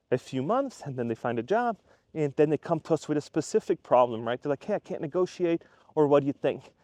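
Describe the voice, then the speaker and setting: A man's voice: fairly high pitch, darkish tone, no echo. A man working as a career coach, talking bluntly and casually to the camera and acting out what people say to him. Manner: blunt, plain-spoken, acts out quoted people; frequent fillers and restarts, conversational. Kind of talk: casual direct-to-camera monologue.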